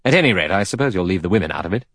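A man voicing a brash, scornful adventurer who talks quickly and irritably. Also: low-pitched, expressive, a bit bright, no echo, clean studio sound. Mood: irritable.

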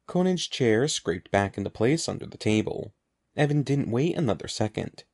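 A man narrating a children's storybook aloud in an expressive, animated way. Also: mid-range voice, moderate pace. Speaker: audiobook narrator.

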